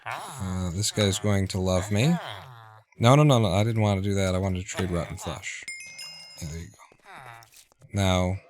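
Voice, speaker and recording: Low-voiced man streaming a game. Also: a little slow, pauses often. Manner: relaxed, muttering to himself. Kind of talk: casual gameplay commentary. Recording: noisy home recording.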